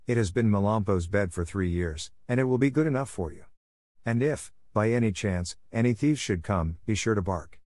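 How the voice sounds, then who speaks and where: A man playing a rough, angry farmer. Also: fairly low pitch, lively intonation, moderate pace, darkish tone, no room sound, clean studio sound, natural voice. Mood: stern.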